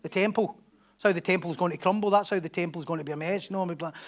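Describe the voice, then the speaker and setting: A man preaching a sermon as pastor, animated, acting out crowd voices and swinging from loud declarations to hushed asides. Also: high voice, fast. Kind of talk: expository sermon.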